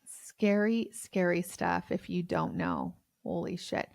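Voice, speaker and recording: A woman's voice: lowish voice, huge pitch swings, slow, vocal fry, a little mellow, no echo, studio quality. A woman co-hosting a true-crime podcast, talking in a blunt, chatty way and swearing freely. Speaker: podcast co-host. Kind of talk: casual true-crime chat.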